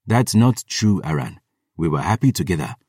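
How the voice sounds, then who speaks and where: Man voicing a big gentle warrior, soft and pleading, low and quiet, audiobook figure, dry sound. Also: animated, normal speed, husky, no room sound, distant mic. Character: big gentle male warrior, loving and sorrowful.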